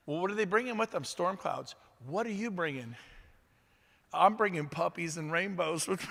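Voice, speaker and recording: A middle-aged man giving an energetic, upbeat motivational talk at an event and firing questions at the audience. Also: high voice, a little fast, vocal fry. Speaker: motivational speaker. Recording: reverberant hall.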